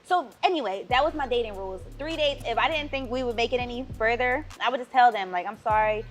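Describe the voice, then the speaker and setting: A young woman co-hosting a podcast, telling a dating story in an animated way and filling her talk with "like" and "you know". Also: a little high, fast. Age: young adult. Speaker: podcast co-host. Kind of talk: casual chat.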